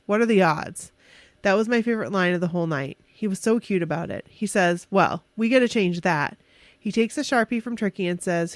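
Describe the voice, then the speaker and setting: A woman's voice: medium pitch, no room sound. A woman co-hosting a casual podcast, chatty and giggly as she reads a fan story aloud, stumbling over words and correcting herself. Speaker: podcast co-host.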